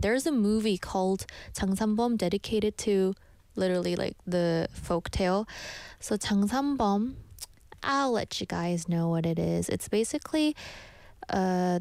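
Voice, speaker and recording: A woman's voice: medium pitch, darkish tone, no room sound. A woman radio host chatting in a bubbly way and reading listener messages, in a radio studio.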